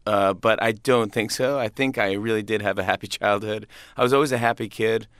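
A man's voice: fairly low pitch, steady tone, fairly quick, a bit bright, smooth, no room sound, clean studio sound. A comedian in his thirties chatting in an interview, upbeat and rambling with many restarts and laughs. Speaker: comedian guest. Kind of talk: casual interview chat.

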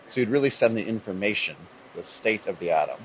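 Low-voiced, hesitant male lab researcher. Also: expressive, fast, a bit bright, slight background noise, poor audio. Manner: hesitant, repeats words. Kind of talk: casual interview answers.

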